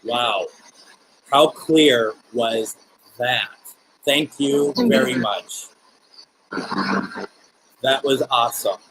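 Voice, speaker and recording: A man's voice: mid-range voice, extremely slow, creaky, long pauses, fairly bright tone, slight background noise, rough recording. A man hosting a live spirit box session, patiently and politely coaxing spirits to talk to him. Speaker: paranormal livestream host.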